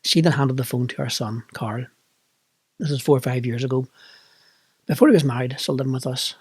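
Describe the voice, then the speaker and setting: Man, Northern Irish accent, middle-aged, husky voice, dry close sound, reflective personal storytelling. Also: medium pitch, fairly quick, a little mellow, dry recording. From Northern Ireland. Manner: reflective, candid, emotional. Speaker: vlogger.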